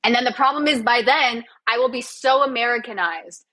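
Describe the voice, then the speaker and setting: A woman's voice: fairly high pitch, brisk, pushed and bright. Canadian woman chatting as a podcast guest, bubbly, laughs a lot, pokes fun at herself. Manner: bubbly, self-deprecating, laughing often. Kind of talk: casual podcast interview.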